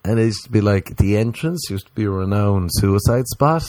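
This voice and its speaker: A low-pitched Irish man with a Cork accent spins rambling comic stories, jumping between tangents with crude humor. His voice sits close and dry, with no room sound. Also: lively intonation, moderate pace, a little mellow, dry recording. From Ireland. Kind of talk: comic storytelling chat.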